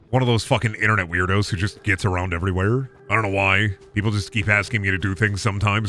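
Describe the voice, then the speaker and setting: A man's voice: fairly low pitch, fairly even intonation, quick pace, hardly any pauses, sharp tone. A man streaming a game, rambling and self-mocking with lots of swearing. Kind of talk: casual gameplay commentary.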